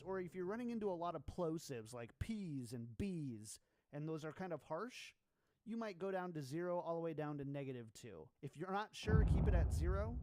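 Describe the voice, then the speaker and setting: A man walks a live-stream audience through audio settings in a methodical, step-by-step way. His voice sits a bit higher than most men's. A loud, steady hiss of noise runs under every word. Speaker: streamer explaining audio setup. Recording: heavy background noise.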